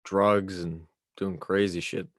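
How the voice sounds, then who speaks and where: A man's voice: low-pitched, level tone, slow, dry recording, clean studio sound. A man making offhand asides in a casual podcast chat.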